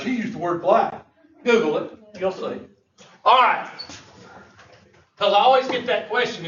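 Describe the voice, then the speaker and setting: A man's voice: high-pitched, expressive, moderate pace, pauses often, a bit bright, a little hiss or hum. A man teaching a math class, joking and folksy as he lectures. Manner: joking, folksy, drawled Southern phrasing. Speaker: math instructor. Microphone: far room mic. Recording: echoey, distant, muffled classroom recording.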